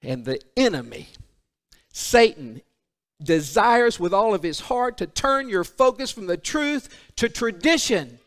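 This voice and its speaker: A man preaching a sermon, alternating emphatic declarations with hushed, intimate passages. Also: very high voice. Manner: emphatic, drops to a hushed intimate voice for solemn points.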